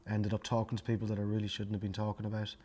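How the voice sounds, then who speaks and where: A man's voice: on the low side, completely flat delivery, racing, a little mellow. An Irish man in a documentary interview, speaking in a reflective, subdued way.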